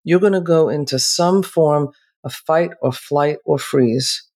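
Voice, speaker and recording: A woman talking as a therapist on a podcast, calm and measured, slowing down to make her points. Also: sits low. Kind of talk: reflective podcast conversation.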